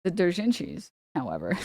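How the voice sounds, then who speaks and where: A woman's voice: lowish voice, wildly swooping pitch, measured pace, mellow, husky, dry recording, clean studio sound. A woman streamer ranting casually, rambling with lots of "like", swearing and laughing often. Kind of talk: casual livestream rant. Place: home streaming setup.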